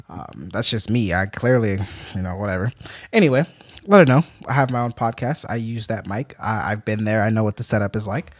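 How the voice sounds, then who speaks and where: Ranting podcast co-host, dry sound. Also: male voice, fairly low pitch, a little fast, no echo. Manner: animated, ranting, mock-angry. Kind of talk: casual podcast chat, storytelling.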